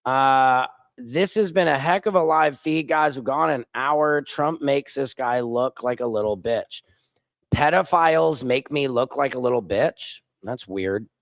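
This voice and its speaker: A man's voice: medium pitch, measured pace, no room sound. A man hosting a casual political livestream, reading viewer comments aloud and mocking and taunting his critics. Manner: combative, mocking, reads chat comments aloud. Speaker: livestream host.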